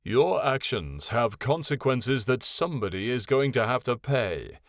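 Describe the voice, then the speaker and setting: A man voicing a proud, wounded male dragon who shouts in booming fury. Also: lively intonation, a little slow, no room sound, studio quality. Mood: reproachful.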